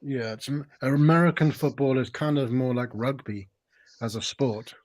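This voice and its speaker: An English man, a guest in casual stream chat. He speaks in a hesitant, dry way and trails off quietly. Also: mid-range voice, moderate pace.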